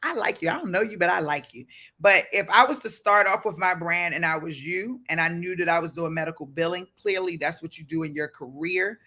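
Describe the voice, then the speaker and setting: A man with a Baltimore accent hosting a motivational livestream, his voice pitched high and bright with a forceful edge. He preaches with fervor, reads viewer comments aloud, and breaks into shouts. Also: a little fast. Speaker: livestream host.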